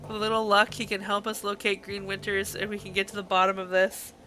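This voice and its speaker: A woman's voice: mid-range voice, completely flat delivery, fast, pushed and bright, soft background music. A woman streaming a game live, reading its text aloud and reacting with gushing, emotional outbursts. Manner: gushing, emotional reactions between read passages.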